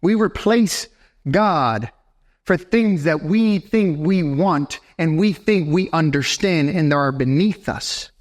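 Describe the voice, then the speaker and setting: An animated young male pastor preaching to his congregation, with a high voice that swings widely up and down. He keeps turning to the room with quick "right?" checks, lively and direct. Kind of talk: sermon. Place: church sanctuary.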